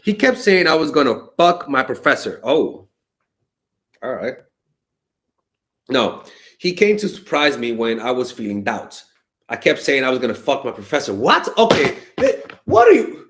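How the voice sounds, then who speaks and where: A man's voice: mid-range voice, animated, moderate pace, pauses often, fairly bright tone, a little hiss or hum. A man giving blunt, exasperated dating advice in a casual monologue, swearing and exclaiming as he answers viewer questions. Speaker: dating coach.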